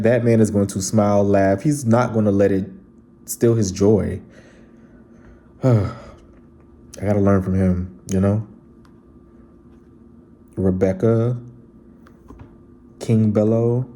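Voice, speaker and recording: Low-voiced, deeply mellow man, casual heartfelt vlog talk reading viewer comments. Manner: earnest and heartfelt, addressing viewers directly. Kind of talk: casual chat.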